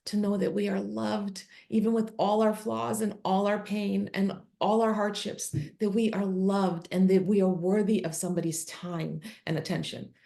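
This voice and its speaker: A woman's voice: medium pitch, little pitch movement, moderate pace, creaky, few pauses, dark tone. A middle-aged woman, a podcast guest, telling a personal story earnestly and emotionally, acting out what she and her son said. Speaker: podcast guest, author and speaker. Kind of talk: candid interview storytelling.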